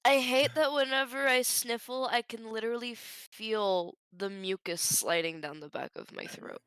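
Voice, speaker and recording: A woman's voice: fairly high pitch, moderate pace, fairly bright tone, clean tone. A woman with a sinus cold, chatting and teasing friends, often laughing and exasperated. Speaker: tabletop game player. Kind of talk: casual pre-game chat.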